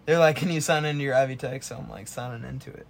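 A young man with a mid-pitched voice tells a story in a relaxed, slangy way. There is a faint hiss of noise behind him. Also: quick pace, gravelly. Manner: laid-back storytelling with slang. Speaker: podcast co-host. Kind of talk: casual chat.

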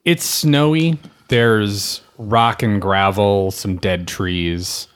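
A man's voice: fairly low pitch, drawn-out words, smooth. A man narrating as game master of a tabletop game, describing scenes at an easy pace with many fillers. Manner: relaxed, filler-heavy describing.

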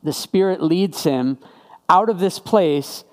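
A man's voice: high-pitched, takes it slowly, big-room sound. A man preaching a sermon in a conversational way, piling up rhetorical questions. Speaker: pastor.

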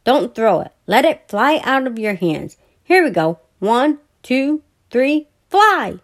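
A woman's voice: fairly high pitch, sing-song, moderate pace. A woman voicing a proud but kind young boy bear cub in a storybook reading, speaking earnestly and patiently.

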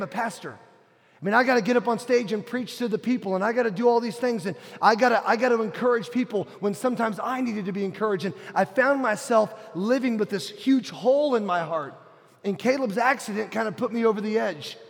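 A middle-aged man preaching a sermon, telling a personal story earnestly, dropping to a hush and rising to a shout. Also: high voice, fairly quick, gravelly. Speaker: pastor. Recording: long hall reverb.

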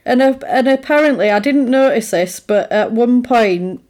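A woman's voice: a little high, normal speed, a little mellow. A woman in casual conversation, recapping a film plot and acting out the characters' lines as she goes. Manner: chatty retelling, acts out characters' lines in quotes. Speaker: podcast co-host recapping a film. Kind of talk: casual chat.

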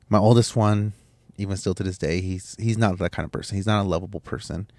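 A man's voice: deep voice, fairly even intonation, quick pace, dark tone, no echo. A man hosting a podcast, telling a personal story in a candid, emotional way, swearing and restarting his sentences. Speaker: podcast host.

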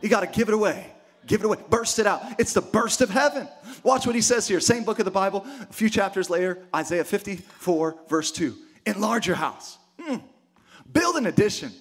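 A man preaching a sermon with lots of energy, dropping to quiet asides and then rising to shouted exclamations. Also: sits high, lively intonation, fairly quick. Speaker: pastor.

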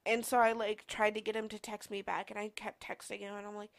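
Young woman, podcast host, casual storytelling, rambling, filler-heavy, mid pitch. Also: steady tone, brisk, few pauses.

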